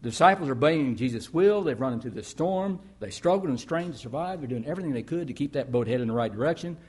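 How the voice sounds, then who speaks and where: A man's voice: medium pitch, expressive, quick pace, a little mellow, breathy edge. A man preaching a sermon as a pastor, telling stories conversationally with emphatic rises.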